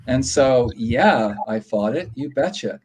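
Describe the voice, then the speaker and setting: Calm matter-of-fact man guest. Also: mid-range voice, slow pace. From Canada. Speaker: guest author. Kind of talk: casual interview chat.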